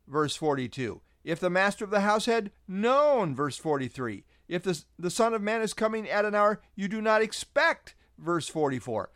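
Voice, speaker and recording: Lively, high-voiced man preaching a sermon. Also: normal speed, hardly any pauses, no echo, clean studio sound. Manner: emphatic, reads verses aloud and cites chapter numbers. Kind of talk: expository sermon.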